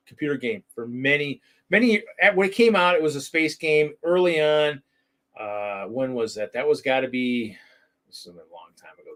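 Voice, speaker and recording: A man's voice: medium pitch, fairly bright tone. Rambling middle-aged man hosting a show. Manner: rambling, loose and conversational, often restarting his sentences. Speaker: host of a weekly hobby talk show. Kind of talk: casual livestream chat.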